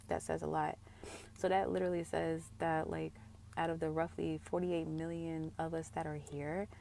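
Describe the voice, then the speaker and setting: A woman's voice: low voice, creaky, a little mellow, a little hiss or hum. A woman giving casual commentary to her viewers, thinking aloud as she goes. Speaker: video creator. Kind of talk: commentary to camera.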